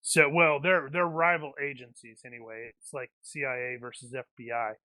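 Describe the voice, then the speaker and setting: A man's voice: medium pitch, fairly even intonation, moderate pace, sharp tone, no echo. A man playing in a tabletop game, chatting casually with joking asides. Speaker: player.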